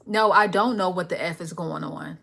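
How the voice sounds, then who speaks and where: A woman's voice: lowish voice, moderate pace, vocal fry, sharp tone. A young woman hosting a live stream, sassy and confrontational as she rants back at a commenter, murmuring chat messages under her breath between bursts. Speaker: livestream host.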